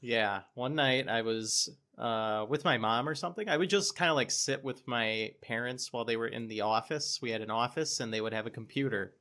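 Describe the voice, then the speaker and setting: A man's voice: mid-range voice, a little fast, few pauses, sharp tone. A man co-hosting a gaming podcast, telling a story in a rambling, self-mocking way with lots of fillers. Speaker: podcast co-host. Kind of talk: casual storytelling.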